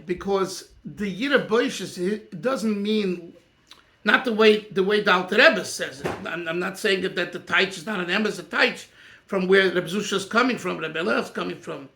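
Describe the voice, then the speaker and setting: A man's voice: high voice, moderate pace, vocal fry, bright, forceful tone. A man teaching a Torah class as rabbi, emphatic and thinking aloud, often restarting his sentences. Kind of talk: animated Torah class discussion.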